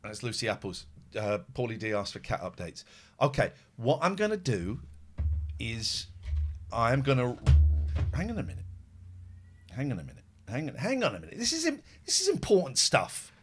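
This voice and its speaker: A man's voice: medium pitch, moderate pace, faint music behind. A man hosting a podcast, chatting casually and telling angry stories with lots of swearing. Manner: animated, heavy swearing, telling angry anecdotes. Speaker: podcast host. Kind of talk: casual chat.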